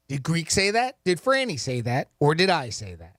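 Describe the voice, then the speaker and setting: High-voiced guy radio host, quick and jokey, dry studio sound. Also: wildly swooping pitch, fairly bright tone, dry recording. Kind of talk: radio contest hosting. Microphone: studio microphone.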